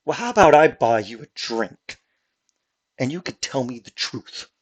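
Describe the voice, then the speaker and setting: A man doing a smooth-talking fey schemer. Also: medium pitch, sing-song, unhurried. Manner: polite, coaxing.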